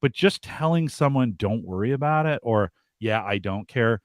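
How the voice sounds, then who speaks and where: A man's voice: medium pitch, lively intonation, normal speed, dry recording, studio quality. A man co-hosting a live podcast, giving advice in a reflective, thinking-aloud way. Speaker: podcast co-host.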